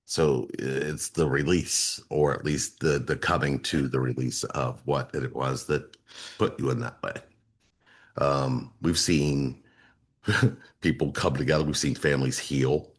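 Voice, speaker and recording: A man with an extremely low, husky voice talks in an earnest, explanatory way. He often repeats himself for emphasis, like a coach walking listeners through his program. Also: steady tone, measured pace. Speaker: relationship coach, co-host. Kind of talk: casual explanatory talk.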